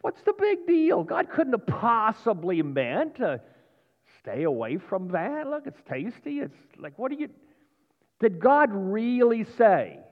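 A preacher doing a sly wheedling devil. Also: male voice, high-pitched, huge pitch swings, moderate pace, hardly any pauses, pitched above the performer's own voice, exaggerated voice. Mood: coaxing. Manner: wheedling, coaxing, dismissive. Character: sly tempting male devil, wheedling and mocking. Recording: dull sound with long hall reverb.

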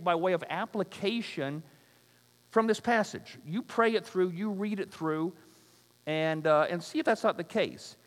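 A man's voice: sits high, fairly bright tone. A man pastor preaching a sermon, firing off rhetorical questions and joking asides. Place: church sanctuary. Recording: long hall reverb.

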